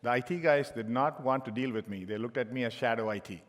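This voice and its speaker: A man's voice: medium pitch, fast talker. A middle-aged man giving a conference keynote as a tech executive, telling joking anecdotes with frequent restarts. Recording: long hall reverb.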